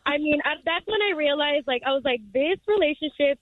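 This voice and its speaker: A woman's voice: sits high, expressive, fast talker, a little hiss or hum. A woman calling into a radio show, telling a story in a chatty, rambling way. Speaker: caller. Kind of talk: phone call-in story. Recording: tinny phone line.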